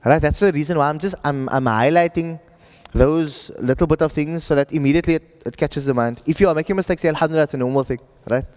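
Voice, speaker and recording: A man's voice: a little high, fast, a little mellow, big-room sound. A man teaching an Arabic reading class, talking patiently and checking in with his students often. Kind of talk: classroom lesson.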